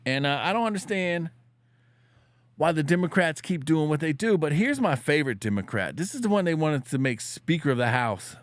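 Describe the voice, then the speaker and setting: A man hosts a casual political commentary show in a loose, slangy, joking way, now and then shouting a catchphrase. His pitch swings widely. The sound is dry, with no room in it. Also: big pitch swings, fairly quick, dry recording.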